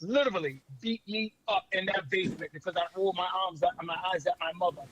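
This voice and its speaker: Slow-telling man with a high voice. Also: a bit bright, a little hiss or hum, rough recording. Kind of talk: casual podcast chat.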